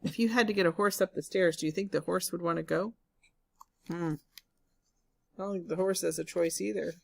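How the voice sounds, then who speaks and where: A woman's voice: lowish voice, fairly quick, vocal fry, no room sound. Woman reading a picture book aloud to children. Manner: asks the listening children questions. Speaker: storybook reader. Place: home, during lockdown.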